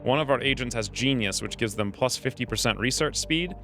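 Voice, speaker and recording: Give me a man with a bright, clear voice giving upbeat let's play commentary on a strategy game. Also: medium pitch, a little fast, soft background music. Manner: casual, upbeat, explains as he plays. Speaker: gaming channel host.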